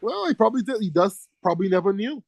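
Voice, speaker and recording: A man's voice: sits high, sing-song, fast talker, gravelly, a little mellow, dry recording, rough recording. A middle-aged man giving an exam-prep medical lecture. He is emphatic, repeats key words and keeps checking in with "right?".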